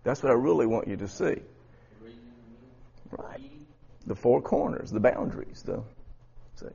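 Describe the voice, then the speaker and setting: A man with a husky voice teaching a Bible study class, often repeating words and quizzing his students. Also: medium pitch, lively intonation, measured pace, mellow, highs cut off.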